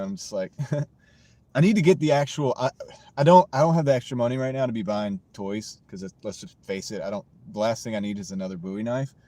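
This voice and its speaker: Speaking in a fairly low, warm voice, a man who does gig deliveries livestreams from his parked car in America. He reads comments aloud, jokes around and rambles to his chat, picked up by a wireless mini clip-on microphone.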